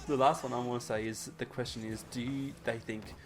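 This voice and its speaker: A man's voice: medium pitch, huge pitch swings, moderate pace, background noise. A man with an Australian accent hosting a casual podcast chat, rambling and playful and laughing often. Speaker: podcast host.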